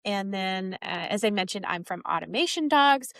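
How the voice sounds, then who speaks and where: A woman hosting a podcast, chatty and enthusiastic, often pausing on fillers as she introduces her guest. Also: mid-range voice, expressive, no echo, clean studio sound. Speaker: podcast host, dog trainer. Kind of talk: casual interview chat.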